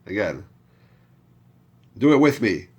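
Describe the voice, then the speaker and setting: Speaking a little slowly with lively intonation in a mid-range voice, a Torah reading teacher leads a chanting lesson. He patiently walks learners through each step and has them echo him.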